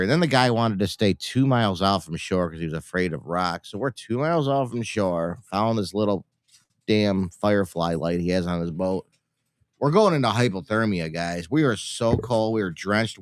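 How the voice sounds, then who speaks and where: A man co-hosting a live show, telling a long story in casual chat with halting restarts. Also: deep voice, clear, resonant tone, no echo.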